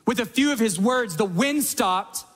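A man in his thirties delivers a sermon in a fairly high voice. He tells everyday stories with energy and acts out quick asides as he goes. The sound carries a long reverb, as from a large church hall. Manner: energetic storytelling with acted-out asides. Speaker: pastor.

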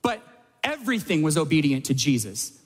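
A pastor in his thirties preaches a sermon in a fairly high, husky voice. He tells everyday stories energetically, acting out quick asides along the way, while a long reverb suggests a large church hall.

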